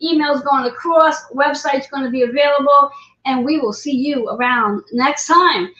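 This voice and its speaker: A woman's voice: sits high, moderate pace, sharp tone. A woman hosting a livestream interview, chatty and encouraging, often repeating her words. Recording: roomy, dull lo-fi livestream audio.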